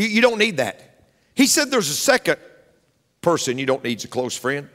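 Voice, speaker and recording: A male pastor preaching a sermon, emphatic and repetitive, swinging between loud punches and quiet asides. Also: fairly high pitch, big-room sound.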